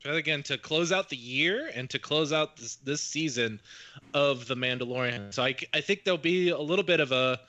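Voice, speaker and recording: A man with a bright, forceful voice hosts a casual podcast. He talks in a chatty, rambling way, full of fillers and restarts. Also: a little high, fairly quick, lo-fi sound. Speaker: podcast host.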